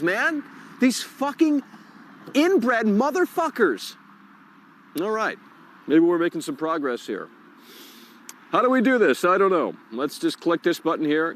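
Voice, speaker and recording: A man's voice: a little high, slight background noise. Irritable, cursing man streaming outdoors. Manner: irritable, swearing, frustrated muttering. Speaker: host of a live call-in stream. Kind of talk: live-stream rant while fixing tech.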